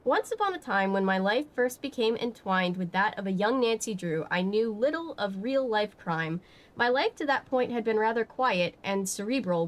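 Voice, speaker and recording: A woman reading aloud as a prim, refined mystery author who tells her story in a measured storybook way. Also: medium pitch, lightly acted.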